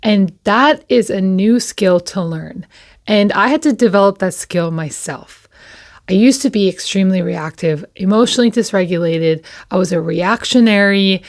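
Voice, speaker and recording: Brief: woman host, personal recovery talk, candid, unhurried, restarts her phrases often. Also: mid-range voice. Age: adult with children. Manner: candid and slow, pausing often and repeating herself. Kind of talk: reflective personal talk to camera.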